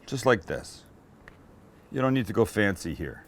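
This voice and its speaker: A man hosting a cooking show, walking through a recipe in a relaxed, joking way and bantering with the crew behind the camera. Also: on the low side, moderate pace, slight background noise. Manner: chatty, joking, teases his crew. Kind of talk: casual cooking demonstration.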